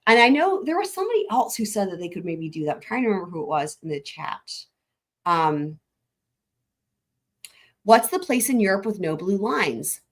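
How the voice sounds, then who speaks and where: Chatty woman with a lively, animated voice. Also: medium pitch, moderate pace, pauses often. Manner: chatty, rambling, laughs often. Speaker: livestream host. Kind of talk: casual livestream chat.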